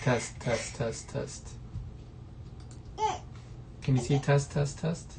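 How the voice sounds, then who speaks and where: A man's voice: mid-range voice, very slow, vocal fry, background noise. A man hosting a casual fantasy football livestream from home late at night, playfully chatting to a baby between remarks. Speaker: fantasy football stream host.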